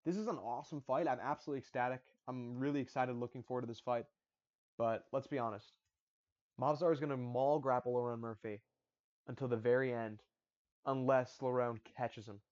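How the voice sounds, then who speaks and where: A man hosts an MMA predictions channel, talking casually, repeating his fight picks and stumbling over restarts, on dull lo-fi audio. His mid-range voice has a darkish tone and fairly even intonation, and he speaks fairly quickly.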